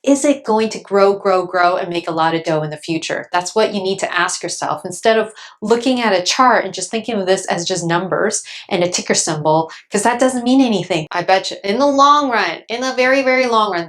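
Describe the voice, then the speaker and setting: Woman, 30s, finance YouTuber; casual, animated, chatty explainer. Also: mid-range voice. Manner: animated, acts out panicked investors in quick asides; frequent "okay?" check-ins.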